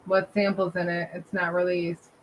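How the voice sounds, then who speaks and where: A woman's voice: lowish voice, little pitch movement, moderate pace, lo-fi sound, slight background noise. A woman musician guesting on a stream, chatting casually, hesitant and laughing nervously. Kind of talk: casual chat.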